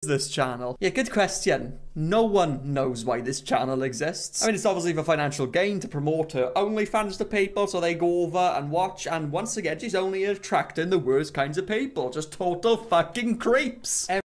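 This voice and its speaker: A man's voice: fairly high pitch, lively intonation, normal speed. A man delivering a sarcastic commentary video, dry and profane. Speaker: YouTube commentator.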